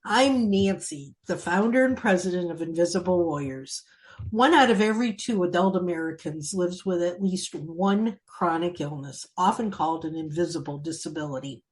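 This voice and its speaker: A woman hosting a podcast, reading a scripted intro and then chatting with her guest, sometimes dropping to a soft, breathy tone. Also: fairly low pitch, expressive, normal speed. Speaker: podcast host.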